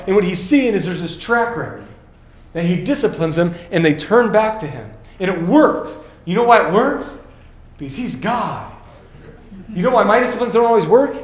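A man's voice: sits high, echoey room. A man in his thirties giving a casual, story-filled sermon as a pastor and acting out the quotes.

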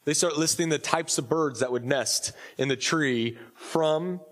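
A man's voice: fairly high pitch, measured pace, a bit bright. A man preaching a casual, joking sermon as a pastor at a church service, his voice slightly off while recovering, with many fillers and restarts. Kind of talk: conversational sermon.

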